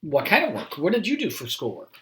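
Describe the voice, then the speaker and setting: A man, a school principal, reading a picture book aloud to children and chatting gently in asides. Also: a little high, wildly swooping pitch, fairly quick, background noise. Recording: roomy echo.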